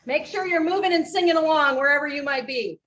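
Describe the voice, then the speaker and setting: A woman's voice: sits high, quick pace, dull audio. A woman who trains teachers and sings for families, giving an upbeat welcome and urging the audience to join in. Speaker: children's music performer and teacher trainer. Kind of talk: welcoming address to a conference.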